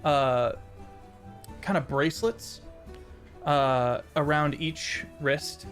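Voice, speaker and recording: A man narrating a tabletop role-playing game as game master, halting with many fillers. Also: on the high side, steady tone, a bit bright, faint music behind.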